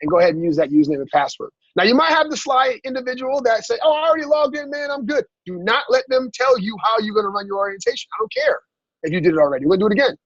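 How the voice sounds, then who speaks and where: A man coaching his team in a motivational training talk, energetic and asking "right?" after every point. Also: high voice, rapid-fire, no room sound. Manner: energetic, repeats "right?" often, acts out dialogue. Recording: dull lo-fi sound.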